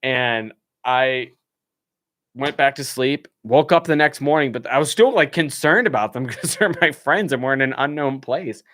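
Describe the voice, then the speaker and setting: A young man with a middle-pitched voice tells a rambling story on a live stream. He talks casually, laughs often, and slips into the voices of the people he describes. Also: normal speed. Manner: animated, laughs often, acts out what people said.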